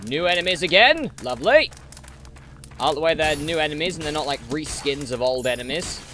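A man chats his way through a dungeon game, teasing the monsters he fights. His voice sits a bit high and bright and jumps around a lot, captured on a noise-suppressed desktop mic at home. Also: expressive, a little fast. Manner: chatty, playful, mutters asides to enemies. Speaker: gaming channel host. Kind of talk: let's play commentary.

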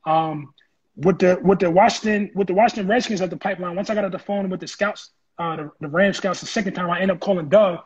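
A man telling his story in an interview, animated and acting out the voices of people he quotes. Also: high voice, fast, slightly rough, lo-fi sound. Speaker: interview guest, former football player. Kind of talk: casual storytelling.

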